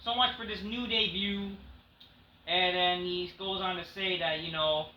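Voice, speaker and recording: A man's voice: high voice, fairly even intonation, unhurried, dull audio. A man reviewing a wrestling show in a rambling, sarcastic, profane casual recap. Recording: echoey room, faint noise.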